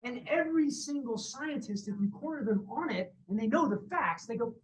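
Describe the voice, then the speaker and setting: A man giving a university physics lecture, telling lively stories about his colleagues. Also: very high voice, brisk. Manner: lively storytelling, acts out quoted colleagues. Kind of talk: university lecture with personal anecdotes. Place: lecture room. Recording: distant mic with faint background noise.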